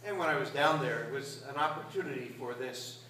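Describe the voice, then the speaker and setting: A priest from New York's Catskill Mountains preaches a sermon in a large church, telling stories conversationally and building to emphatic peaks. His mid-range voice is brisk, bright, and forceful, picked up from far off in the echoing church with a little hiss or hum.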